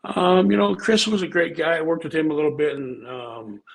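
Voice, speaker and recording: An older man tells a rambling story thick with swearing, his voice sitting a little high for a man. He talks in a loose, laid-back way, like a former pro wrestler chatting with friends. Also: fairly quick, vocal fry, low-quality recording. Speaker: pro wrestler and show regular. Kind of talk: casual storytelling chat.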